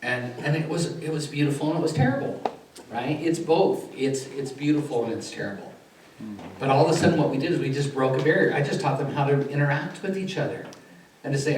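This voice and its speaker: A man speaking as a chaplain at a conference, telling a story with lively acted-out dialogue. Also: a little high, a little fast. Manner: animated storyteller acting out a child counseling session. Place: conference hall. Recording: echoey hall, far from mic, faint noise.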